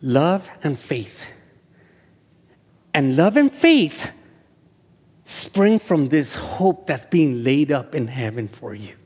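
A male pastor who speaks Spanish as his first language, preaching a sermon that swells into loud, high-pitched passion. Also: sing-song, slow, pauses often, slightly rough. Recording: echoey hall with long reverb.

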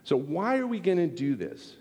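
A pastor delivering a sermon, animated and acting out little exchanges as he teaches. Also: a little high, normal speed. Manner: animated, acts out quoted exchanges. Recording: long hall reverb.

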